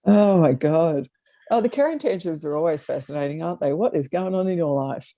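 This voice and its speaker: A woman's voice: low voice, lively intonation, brisk, warm tone, dry recording. Laughing, chatty woman on a video call. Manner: chatty storyteller, laughs often. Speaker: co-host. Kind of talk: casual comedic chat.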